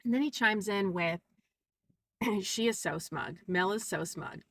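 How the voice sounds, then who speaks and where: A woman vlogging a casual storytime, animated and quoting people in put-on voices. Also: mid-range voice, unhurried, gravelly, recorded from a distance, poor audio.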